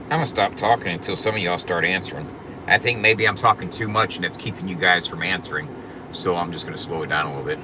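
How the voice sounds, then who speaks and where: A man's voice: low-pitched, fairly even intonation, quick pace, background noise. A man hosting a casual livestream, joking and bragging to his chat in a loose, profane drawl, often repeating "you know what I'm saying". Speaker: livestream host.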